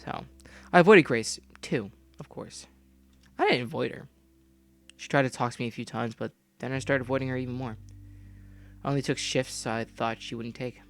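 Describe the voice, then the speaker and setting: A young man reading a game story aloud and breaking off into profane, loud comments. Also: medium pitch, moderate pace, pauses often, soft background music. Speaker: gamer reading a visual novel aloud.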